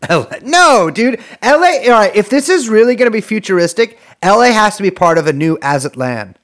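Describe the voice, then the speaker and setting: A podcast co-host chatting casually with a sardonic, rambling manner and frequent laughter. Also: male voice, sits high, very animated, a little fast, a bit bright. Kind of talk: casual chat.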